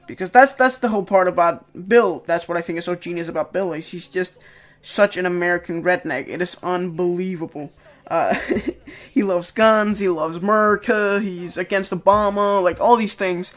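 High-voiced man rambling cheerfully. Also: fairly even intonation, normal speed. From Denmark. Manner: rambling and enthusiastic, with many fillers and restarts. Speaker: YouTuber commenting on his own videos. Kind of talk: casual video commentary.

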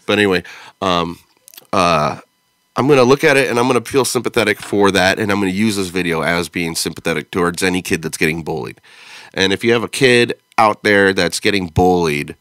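A man's voice: low voice, fairly bright tone, smooth, no echo, studio quality. Blunt, profane American man. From United States. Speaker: podcast host. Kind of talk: casual reaction chat.

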